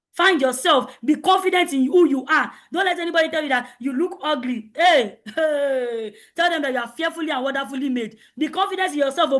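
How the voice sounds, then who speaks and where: Woman coach, high voice, loud and emphatic, repeats lines to drive them home. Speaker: coach speaking at a teen conference. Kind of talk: motivational lecture.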